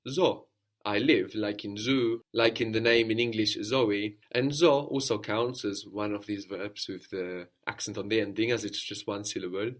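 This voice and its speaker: A man with a lowish voice leads a language lesson. He explains at an unhurried pace and prompts the student, then echoes each reply back to confirm it. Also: steady tone. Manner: patient, prompts the student and repeats answers. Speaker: language teacher. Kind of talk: guided audio lesson.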